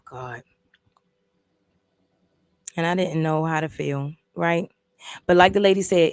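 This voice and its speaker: A woman's voice: lowish voice, vocal fry, no echo. A woman casually recapping and reviewing a movie, telling the story in an emphatic, profane way with lots of repeats.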